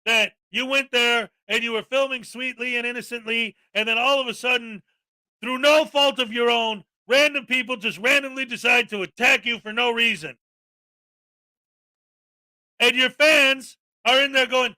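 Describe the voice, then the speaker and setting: A man's voice: very high voice, fairly even intonation, normal speed, sharp tone, dry recording. A man hosting a daily live-stream, ranting with indignant sarcasm. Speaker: live-stream commentary host.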